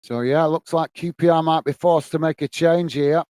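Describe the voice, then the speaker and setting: A man's voice: on the high side, steady tone, moderate pace, warm tone, clear, resonant tone, dry recording. A man from England hosting a live football watchalong, casually commentating the play and chatting to viewers. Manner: casual, chatty, calls viewers mate and guys. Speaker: watchalong host.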